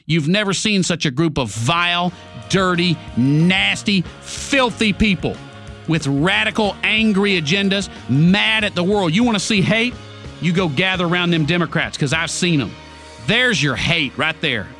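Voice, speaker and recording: A man's voice: high voice, a little slow, pushed and bright, faint music behind. A male talk radio host delivering an angry, sarcastic political rant.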